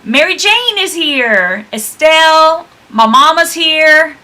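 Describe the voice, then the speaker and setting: A woman's voice: high voice, lively intonation, slow pace, pushed and bright. A woman co-hosting a book club livestream over a video call, chatty and laughing often. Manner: chatty, laughs often, reads out attendee names. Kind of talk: casual chat.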